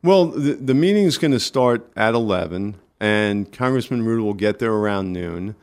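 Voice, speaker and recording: A man with a New York accent, a guest on a casual radio interview, talking in halting bursts with many restarts. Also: on the low side, expressive, clear, resonant tone. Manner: halting, restarts often, friendly. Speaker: community organizer guest.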